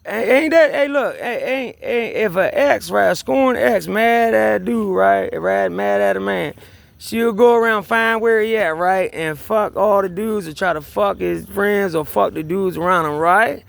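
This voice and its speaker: A man's voice: high voice, expressive, measured pace, vocal fry, a bit bright, no room sound. A man telling a story in a rambling personal rant, agitated and profane, repeating himself and restarting sentences. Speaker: vlogger.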